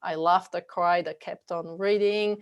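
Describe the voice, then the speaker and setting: A woman's voice: lowish voice, steady tone, measured pace, smooth, dull audio. Friendly woman podcast host. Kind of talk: interview hosting.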